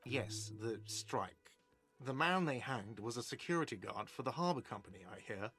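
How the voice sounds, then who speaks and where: A fed-up, middle-aged cafe manager bristles at every question and wants to get back to work. His voice sits at an ordinary pitch and carries a snappish, defensive edge. Faint music plays underneath. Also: animated, moderate pace, a bit bright, slightly rough. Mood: annoyed, defensive. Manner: defensive, curt and exasperated.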